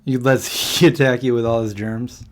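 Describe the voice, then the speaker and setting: Male streamer, mid-pitch, casual rambling talk, answers chat as he goes. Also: fairly even intonation. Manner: rambling, reacting to chat comments with quick questions. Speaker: livestream host answering chat.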